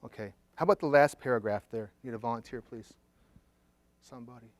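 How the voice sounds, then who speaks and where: A middle-aged man, a therapist, telling a client story to an audience and acting out the quoted dialogue in lively fashion. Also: medium pitch, a little fast. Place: conference room.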